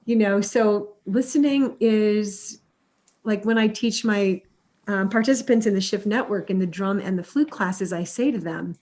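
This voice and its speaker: A middle-aged woman, a music therapist, talks through interview answers in an animated storytelling way. She drops into quick acted-out quotes of other people as she explains her ideas. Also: medium pitch.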